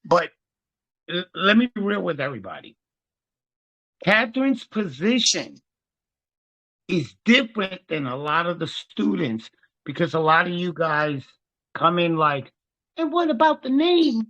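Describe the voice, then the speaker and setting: Man, excited preacher-like host, somewhat high voice, muffled lo-fi sound. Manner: excitable, rapid shifts in tone, preacher-like. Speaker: host and legal trust teacher. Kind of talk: excited preaching-style talk.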